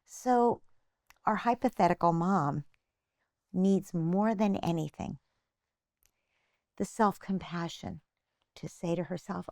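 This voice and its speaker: A woman's voice: on the low side, slow, long pauses, darkish tone, no room sound, clean studio sound. An older woman, a psychotherapist being interviewed, patiently explaining parenting advice and acting out little imagined phrases. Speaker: guest psychotherapist.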